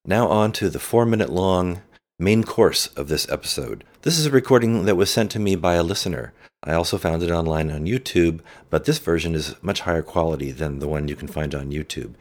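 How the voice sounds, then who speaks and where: A man's voice: low-pitched, a little fast, darkish tone. A man hosting his podcast, reading a friendly scripted introduction. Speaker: podcast host.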